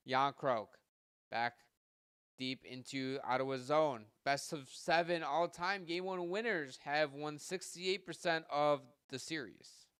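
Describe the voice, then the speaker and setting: A man giving live hockey play-by-play from home, rattling off passes and shots and getting louder on goals, with casual asides to his listeners. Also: on the high side, clear, resonant tone, dry recording, clean studio sound. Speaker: podcast host doing live play-by-play.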